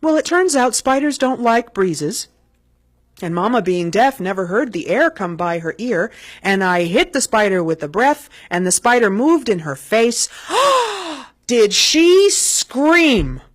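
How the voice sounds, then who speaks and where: A woman telling a spoken family anecdote in an animated, comic way. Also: mid-range voice, moderate pace, no echo. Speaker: storyteller.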